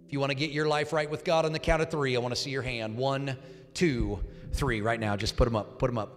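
Fervent pastor in a reverberant hall. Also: male voice, medium pitch, fairly even intonation, a little fast. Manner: pleading, rising to loud fervent prayer. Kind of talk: altar call sermon. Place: church sanctuary. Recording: reverberant hall with faint music.

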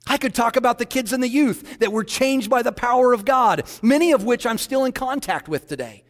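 A man's voice: very high-pitched, fairly quick. Man preaching a story, hall reverb. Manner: animated storyteller, quoting others in dialogue. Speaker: pastor. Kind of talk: sermon storytelling.

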